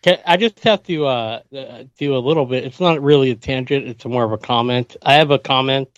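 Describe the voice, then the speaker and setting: A man's voice: mid-range voice, fairly quick, no echo, highs cut off. A man co-hosting a podcast, chatting casually about a film, hesitant and self-deprecating. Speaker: podcast co-host.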